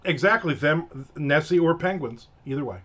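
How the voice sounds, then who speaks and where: A man's voice: fairly high pitch, animated, moderate pace, fairly bright tone, dull audio. A man in his fifties chatting casually on a live stream, telling a rambling, joking story. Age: 50s. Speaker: author streaming a live writing session.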